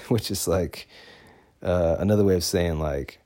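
A man's voice: deep voice, normal speed, dark tone. A man casually telling a personal story, talking loosely with fillers and restarts.

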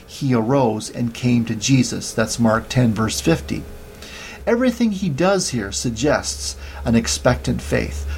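Man preaching a measured sermon. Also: medium pitch, a little hiss or hum. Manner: measured, reads and cites scripture verses.

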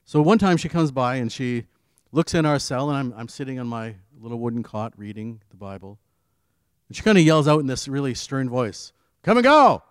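A man giving an earnest devotional sermon, telling his own story and swinging between firm emphasis and quiet asides. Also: medium pitch, fairly quick, clean tone, no echo. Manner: earnest, rising on key phrases and dropping to quiet asides. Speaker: preacher. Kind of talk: devotional sermon with personal testimony.

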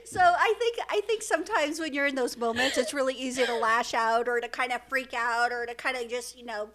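A woman's voice: high voice, brisk, fairly bright tone. A middle-aged woman, a mother and podcast co-host, telling a funny story in casual chat and often laughing.

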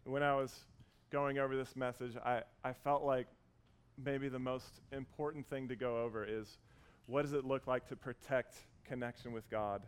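A man in his thirties preaching a sermon, earnest and warm as he tells a story, with frequent restarts. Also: medium pitch, fairly even intonation, moderate pace, clean tone. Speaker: pastor.

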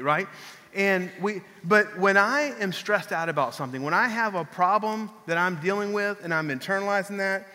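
High, bright-voiced pastor preaching in a hall. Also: male voice. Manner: conversational storytelling, animated, acts out quotes. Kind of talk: sermon. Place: church. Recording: long reverb of a large hall.

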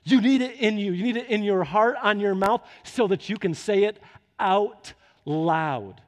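High-voiced man preaching in a reverberant hall. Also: brisk. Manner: storytelling that builds into fervent exhortation. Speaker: pastor. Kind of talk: sermon.

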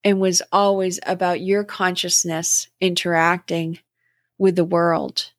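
A middle-aged woman hosting a podcast, speaking in a slow, gentle and contemplative way about spiritual growth. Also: mid-range voice, no room sound, studio quality. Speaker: podcast host. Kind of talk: reflective spiritual talk.

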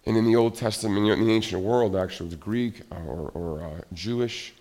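A middle-aged pastor with a lowish voice gives a sermon as if chatting with his congregation. He talks in an animated way and acts out small everyday scenes. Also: a little fast.

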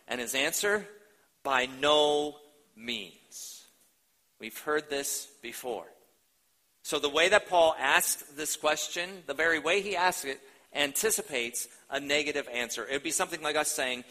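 A man's voice: fairly high pitch, lively intonation, unhurried, sharp tone, poor audio. A male pastor preaching a sermon, emphatic and repeating key phrases for weight, addressing the congregation directly.

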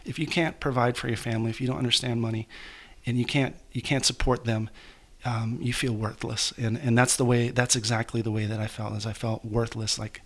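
A man being interviewed as an author, telling a painful personal story in a halting, emotional way with many restarts. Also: mid-range voice, level tone. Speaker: guest author.

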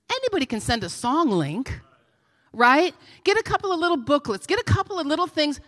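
A woman, a guest pastor preaching an animated sermon with laughs and storytelling. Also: high voice. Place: church sanctuary. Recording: reverberant church hall.

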